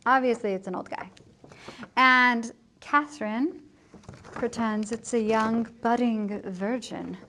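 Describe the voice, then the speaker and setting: Woman teacher doing a casual joking recap, fairly high voice, slow and easygoing. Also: pushed and bright, slight background noise. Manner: chatty, joking, slips into quick character voices. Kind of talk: casual plot summary for students.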